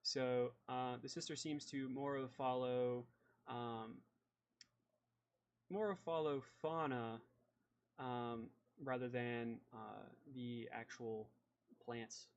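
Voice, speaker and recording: A man's voice: mid-range voice, steady tone, slow pace. A man narrating as game master in a loose, rambling way full of fillers.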